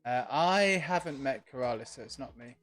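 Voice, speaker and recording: A man's voice: mid-range voice, expressive, normal speed, fairly bright tone. A man streaming a game live, casually thinking aloud and chatting back to his viewers. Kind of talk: relaxed live-stream gaming chat. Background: faint lo-fi music.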